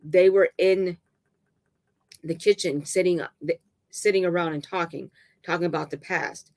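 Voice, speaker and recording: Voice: medium pitch, fairly even intonation, darkish tone. A reader narrating a dramatic novel aloud, stumbling and restarting words now and then. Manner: halting reading with restarts and stumbles.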